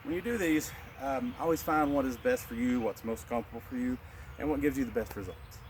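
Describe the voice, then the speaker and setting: A male martial arts instructor calmly leading a qigong class, cueing each breath in a slow, steady rhythm. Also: mid-range voice, a little hiss or hum.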